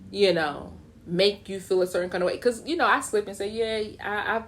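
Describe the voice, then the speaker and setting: Animated woman radio host, preachy. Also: medium pitch, a little fast, a little hiss or hum. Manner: animated, preachy, slips into mocking quoted voices. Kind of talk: casual radio talk, motivational.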